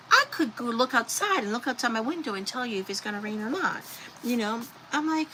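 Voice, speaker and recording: A woman with a slightly high voice talks briskly while hosting a live crafting stream, chatting and rambling to viewers as she works. The audio is poor, with steady background noise underneath.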